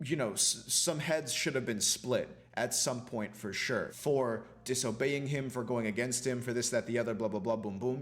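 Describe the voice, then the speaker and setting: A man, a film student, reviewing a TV show in a casual, profane rant full of fillers. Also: mid-range voice. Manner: profane, ranting, many fillers like "you know".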